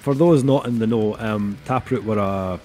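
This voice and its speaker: A man's voice: lowish voice, normal speed, warm tone, soft background music. A middle-aged man co-hosting an album review, talking casually and rambling with lots of fillers. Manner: rambling, heavy on fillers like "um" and "kinda".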